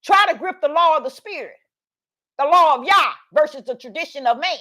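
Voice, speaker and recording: A high-voiced woman preaches over a livestream. She reads verses aloud and keeps asking her viewers to answer, in a call-and-response way. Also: animated, a little fast, bright, forceful tone. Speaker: online preacher. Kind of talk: livestream Bible teaching.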